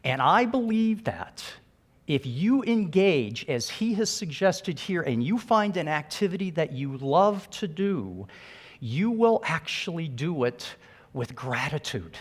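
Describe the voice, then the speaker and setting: A man's voice: on the high side, very animated, slow, slightly rough. A middle-aged man speaking earnestly and emphatically as a conference speaker, giving a motivational keynote to a live audience.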